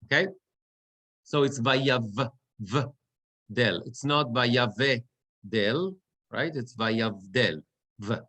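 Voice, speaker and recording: A middle-aged man teaches Torah reading to an online class, heard over a video call. His delivery is very slow and unhurried. He halts and restarts his sentences often as he works through each point. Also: medium pitch, fairly bright tone. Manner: slow, halting, with many restarts.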